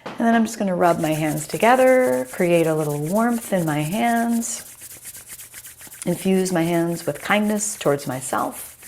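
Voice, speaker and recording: A middle-aged woman teaching a chair yoga class over a video call, giving calm guiding cues and naming students as she goes, with a slightly scratchy voice. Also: fairly low pitch, unhurried. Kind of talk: live online yoga class instruction.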